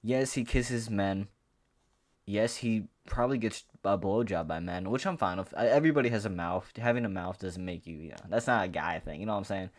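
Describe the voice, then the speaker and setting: A man with a lowish voice rants to camera about fighters, loose and profane. He rambles, restarts his sentences and keeps the heat up in a casual sports-vlog monologue. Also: fairly quick. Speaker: MMA commentary vlogger.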